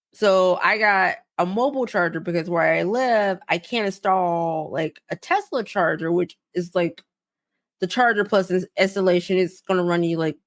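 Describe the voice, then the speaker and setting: A young woman on a podcast, telling a story in a loose, profane, animated way and acting out both sides of each exchange. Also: fairly low pitch, dry recording, clean studio sound. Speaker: podcast co-host. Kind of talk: casual storytelling chat.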